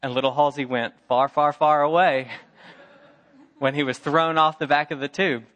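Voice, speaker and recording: A man's voice: on the high side, steady tone, normal speed, fairly bright tone, muffled recording. A middle-aged man preaching a sermon, telling a story with emphatic repetition and acting out the voices of its characters. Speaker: pastor.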